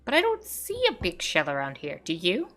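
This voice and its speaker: A woman's voice: fairly low pitch, huge pitch swings, moderate pace, exaggerated voice. Woman doing a touchy, fussy little shell guardian. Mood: smug. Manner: dramatic, defensive, bursts of loud alarm.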